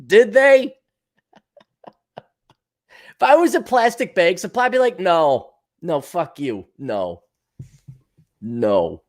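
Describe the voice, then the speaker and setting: A man hosting his own show, talking bluntly and profanely in a casual monologue and acting out the voices of people he quotes. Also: mid-range voice. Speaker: podcast host answering viewer comments.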